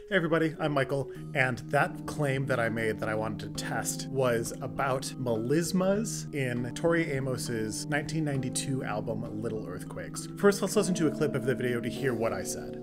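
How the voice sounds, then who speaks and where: Casting: young man, music theory host, casual explainer, mid-pitched voice. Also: lively intonation, normal speed, hardly any pauses. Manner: explains step by step, sings short sung examples.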